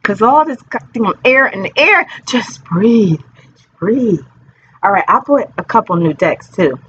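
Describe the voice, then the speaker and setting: A woman's voice: medium pitch, very animated, normal speed, fairly bright tone, muffled recording, slight background noise. A woman reading tarot in a casual, playful, rambling chat to her viewers. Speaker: tarot reader.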